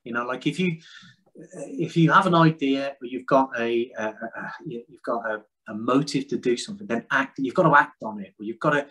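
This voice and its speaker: A man's voice: mid-range voice, fairly quick, pushed and bright, breathy edge, low-quality recording. Frank rambling man. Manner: rambling, frank, self-deprecating. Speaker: podcast guest. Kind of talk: casual conversation.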